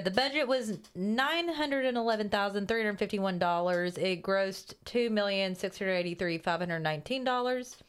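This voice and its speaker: A woman co-hosting a horror movie podcast, reading a kill count and trivia in a brisk, list-like delivery. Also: medium pitch, fairly bright tone, clear, resonant tone. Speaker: podcast co-host.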